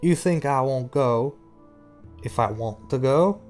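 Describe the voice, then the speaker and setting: A man's voice: medium pitch, animated, slow, a little mellow, soft background music. A man voicing a sulky male drug dealer with a British accent, speaking in a defensive, scornful way.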